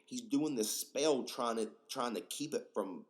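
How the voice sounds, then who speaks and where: A young man hosting a casual solo podcast, rambling and profane, excitable and full of fillers. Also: medium pitch, a little slow. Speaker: podcast host.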